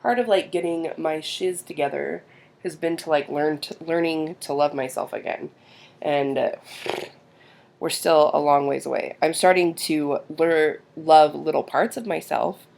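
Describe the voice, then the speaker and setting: A woman's voice: low voice, unhurried, creaky, darkish tone. A woman in her thirties, a mother, talking in a casual confessional vlog while doing her makeup, rambling and hesitant with sighs and fillers. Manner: rambling, hesitant, self-doubting. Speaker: mother and vlogger.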